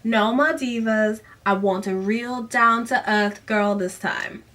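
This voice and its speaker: A woman's voice: fairly high pitch, takes it slowly, bright, forceful tone, far from the mic. A woman voicing a smug, pompous male film director in an attempted accent, reading from a book. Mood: haughty. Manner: haughty drawl, attempted accent.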